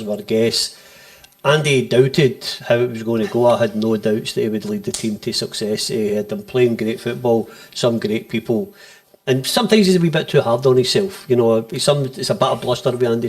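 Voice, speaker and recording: A man's voice: medium pitch, moderate pace. A Scottish man, a former player at the club, speaking earnestly in casual chat.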